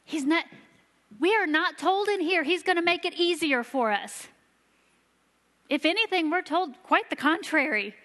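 A woman giving a sermon to a church, telling stories earnestly and slowing down for emphasis. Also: very high voice, fairly bright tone. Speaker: church children's ministry leader. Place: church sanctuary. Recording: long reverb of a large hall.

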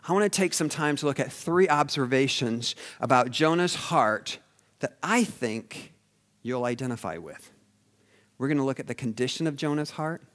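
A man preaching a sermon as a pastor, swinging between loud emphasis and hushed asides. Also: medium pitch.

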